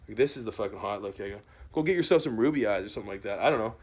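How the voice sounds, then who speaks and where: A man's voice: fairly low pitch, animated, rapid-fire. A man delivering a rambling, profane rant monologue, combative and repetitive, tagging sentences with "right?" and "man" and often trailing off or restarting.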